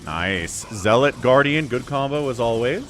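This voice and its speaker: A man's voice: medium pitch, lively intonation, a little slow, fairly bright tone, faint music behind. An American man giving casual, joking livestream commentary on a strategy game and chatting with viewers. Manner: chatty, joking, reads chat aloud.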